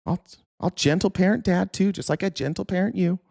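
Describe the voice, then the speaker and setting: A man voicing a calm mother gently soothing her children. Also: sits high, brisk, gravelly, no room sound, clean studio sound. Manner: soft, soothing.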